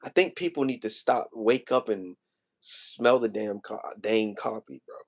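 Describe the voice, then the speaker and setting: A streamer in his twenties, his voice on the low side and a little slow, casually rants to his livestream chat. He uses loose slang, keeps circling back to the same points, and sounds emotional as he vents.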